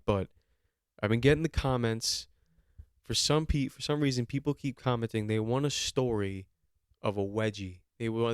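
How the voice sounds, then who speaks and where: A man's voice: medium pitch, clear, resonant tone, dry recording, studio quality. A young man hosting a solo podcast, talking in a rambling, sarcastic and profane way. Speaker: podcast host.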